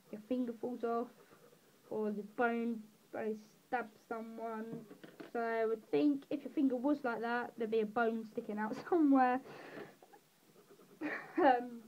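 An English teenage girl from the southeast talks slowly and unhurriedly, her voice a touch higher than most, drifting into self-mocking, giggly tangents. The recording is dull and lo-fi. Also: a little hiss or hum. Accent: English, southeast England. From England. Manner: rambling, self-deprecating, giggly asides. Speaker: drawing tutorial creator. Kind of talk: casual voice-over while colouring.

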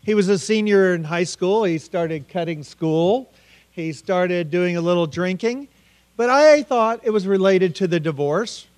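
Middle-aged guy, high-ish voice, earnest keynote storytelling, acts out the quotes. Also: a little slow, a little mellow. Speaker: keynote speaker. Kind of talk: personal story told as a conference keynote. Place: conference hall.

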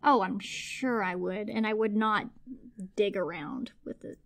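A woman's voice: medium pitch, unhurried, vocal fry. A woman co-hosting a podcast, chatting playfully and emphatically about a book. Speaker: podcast co-host. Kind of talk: casual book chat.

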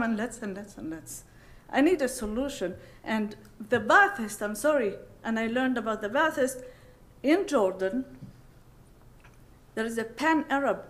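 A woman in the audience at a panel, asking an emotional, halting question and apologizing often. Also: high-pitched. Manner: impassioned, halting, repeatedly apologizing. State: upset, emotional. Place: conference hall.

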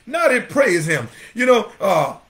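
Preacher man going hard, high voice swinging way up and down, calling folks out by name. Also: big pitch swings, a little slow, a bit bright. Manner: fervent preaching, calls out congregation members by name. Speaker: pastor. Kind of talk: sermon.

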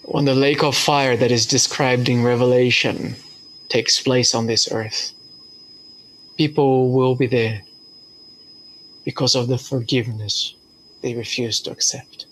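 A man's voice: medium pitch, steady tone, measured pace, pauses often, a bit bright, a little hiss or hum. A man preaching a sermon as pastor, telling a story earnestly with hesitations.

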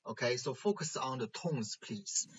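A man teaching a language lesson, explaining slowly and checking in with "right?". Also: medium pitch, animated, slight background noise. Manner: slow, careful explaining with frequent "right?" checks. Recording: dull lo-fi recording.

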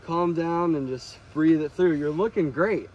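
A man's voice: on the high side, unhurried, darkish tone, highs cut off. A man coaching riders at an outdoor sandy dirt-bike track, direct and encouraging, sometimes imitating throttle sounds. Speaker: motocross coach.

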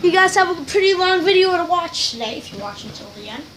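Name: High-pitched rambling game commentator. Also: female voice, lively intonation, quick pace, noisy background. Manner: rambling, giggly, self-mocking, addresses viewers. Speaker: gaming video host. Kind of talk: casual let's-play commentary. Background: game music.

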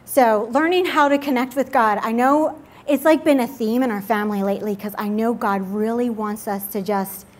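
At a church midweek service, a young woman gives an earnest, confessional personal testimony full of filler words. Her voice is a little high, with a steady tone and a normal pace.

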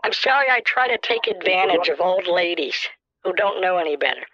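A man's voice: sits high, expressive, a little fast, sharp tone, dry recording, exaggerated voice. A man voicing a stern old grandmother who scolds a caller and makes him repeat apologies, on a slightly dull line. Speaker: scam baiter.

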